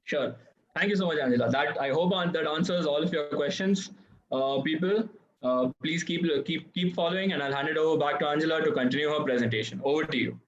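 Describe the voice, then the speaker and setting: Man as live-class moderator, slightly high voice, friendly and direct with viewers, dull video-call audio. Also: a little fast. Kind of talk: casual live-stream hosting.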